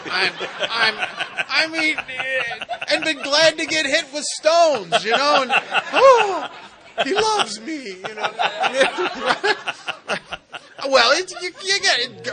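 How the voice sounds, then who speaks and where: A man speaking at a recovery retreat, telling funny stories in an animated, joking way with slangy asides. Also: extremely high pitch. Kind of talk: humorous storytelling talk. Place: retreat center meeting.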